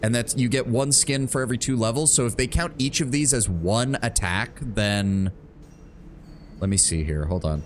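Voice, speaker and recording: A man's voice: medium pitch, normal speed, a little hiss or hum. A man streaming a video game, chatting casually and wryly, swearing and thinking aloud about the game's rules. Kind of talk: casual let's-play commentary.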